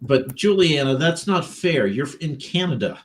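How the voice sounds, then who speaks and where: A man's voice: fairly high pitch, sing-song, moderate pace, a little hiss or hum. An older man co-hosting a podcast, asking plainspoken, wry questions. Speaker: podcast co-host. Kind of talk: casual podcast chat.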